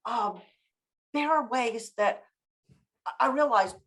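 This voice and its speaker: A woman podcast guest telling lively stories in casual chat, acting out examples with strong emphasis. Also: on the high side, takes it slowly.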